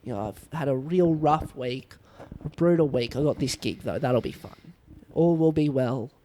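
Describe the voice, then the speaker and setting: A young man, a comedian guest telling stories in casual podcast chat, animated and laughing often with lots of fillers. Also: mid-range voice, normal speed, a little hiss or hum.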